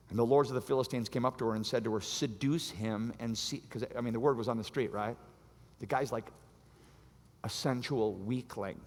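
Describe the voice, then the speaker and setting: A man preaching a sermon as pastor, animated and acting out the voices of the story. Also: medium pitch. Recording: long hall reverb.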